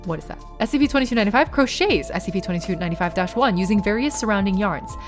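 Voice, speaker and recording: A young woman streamer reads documents aloud flatly and chats with her viewers, turning tearful and giggly. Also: medium pitch, rapid-fire, over music. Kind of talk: live-stream reading and chat.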